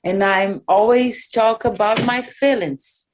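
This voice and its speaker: A woman musician talks slowly and haltingly in a casual interview, frankly searching for English words since her first language is Portuguese. Her voice sits in the mid range, with slight background noise.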